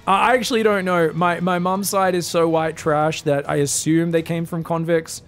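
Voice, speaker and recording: An Australian man casting a live strategy game, chatting and joking with his viewers between plays and bursting into excited shouts. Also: fairly high pitch, normal speed, faint music behind. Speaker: esports caster. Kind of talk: live game commentary and chat banter.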